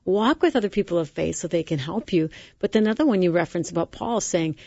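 A woman's voice: on the low side, lively intonation, fast, creaky, no room sound, dull audio. A woman hosting a radio talk show, reflective and quoting scripture as she speaks. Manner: warm, reflective, quotes scripture. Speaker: host.

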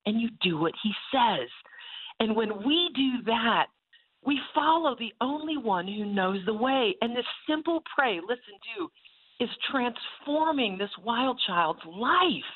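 Lady telling a faith story on the phone, lively and laughing, sounds thin like a phone call. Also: on the high side. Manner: expressive storyteller, laughs often. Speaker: author guest. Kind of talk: animated faith testimony. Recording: phone-like line.

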